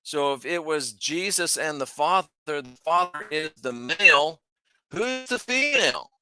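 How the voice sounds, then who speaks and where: A man's voice: a little high, measured pace, pushed and bright, smooth, no echo. A man hosting his own channel, teaching from the Bible in a casual, emphatic way, asking rhetorical questions and thinking aloud as he shares his screen. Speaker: host.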